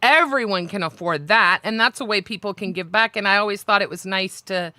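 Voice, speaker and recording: A woman hosting a live stream in casual, profane chat, her voice swinging between loud and soft. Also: medium pitch, brisk, dry recording. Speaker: livestream host.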